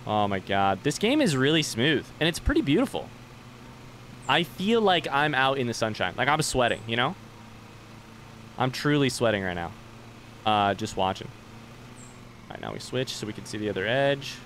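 A young man livestreams a game, chatting loosely with his viewers and swearing casually as he plays. His medium-pitched voice swings widely in pitch, moves at a moderate pace, and sounds slightly bright. There's a little background noise.

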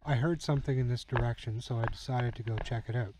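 A man with an ordinary mid-range voice narrates over his own game footage. He explains tactics in a calm, instructional way and chuckles easily as he goes. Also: mid-range voice, quick pace, a little hiss or hum, rough recording. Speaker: channel host.

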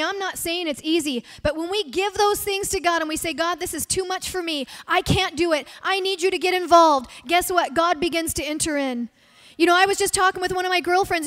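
A woman pastor preaching at a church service, earnestly acting out heartfelt prayers as she speaks. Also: high voice. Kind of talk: sermon.

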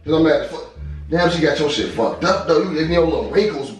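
A man reacting to a prank in casual chat, loud, profane and disbelieving. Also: a little high, lively intonation, fast. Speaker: husband vlogger. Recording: echoey room from a distance, music.

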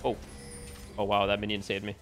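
A man giving live gameplay commentary as a streamer at home, excitable and bursting into yells and laughs. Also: lowish voice, a little fast, faint music behind. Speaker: gaming streamer. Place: home room with window open.

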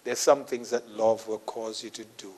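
A man pastor preaching a sermon in church, telling a personal story and acting out the dialogue, swinging from quiet asides to loud emphatic preaching. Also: on the low side, steady tone, normal speed. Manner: storytelling, acting out his own quoted dialogue; laughs at his own story.

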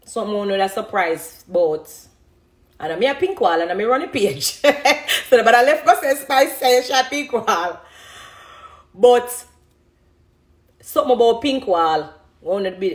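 A woman's voice: medium pitch, a little slow. A woman in her thirties with a Jamaican accent, chatting on a phone live stream, reading comments and laughing often. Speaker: dancehall artist on a live stream. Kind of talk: casual live-stream chat.

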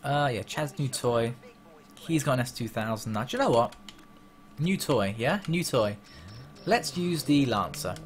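A man's voice: mid-range voice, lively intonation, measured pace. A man casually commentating on a racing game, joking and swearing as he plays. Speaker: gaming channel host. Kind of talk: let's play commentary. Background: background music.

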